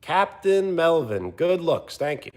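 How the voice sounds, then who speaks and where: A man live streaming, chatting casually and answering viewers' comments in an animated, teasing way. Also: takes it slowly. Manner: animated, teasing, often jumping higher in pitch.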